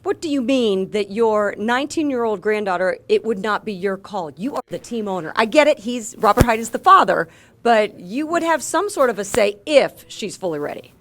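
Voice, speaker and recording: A woman hosting an interview, brisk and direct, pushing back on and teasing her guest. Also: mid-range voice, animated, fairly bright tone, slight background noise. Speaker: podcast host. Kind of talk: casual interview talk.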